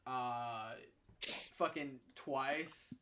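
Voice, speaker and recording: A man in casual game commentary, excitable and swearing freely, often restarting his sentences. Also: medium pitch, extremely slow, background noise. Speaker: co-host commentating league matches.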